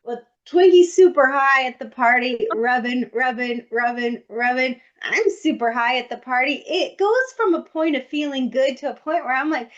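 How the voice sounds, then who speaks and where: A woman co-hosting a podcast, telling stories in a lively, comic, casual way with playful asides. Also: high-pitched, moderate pace, lo-fi sound. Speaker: podcast co-host. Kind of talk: casual storytelling chat.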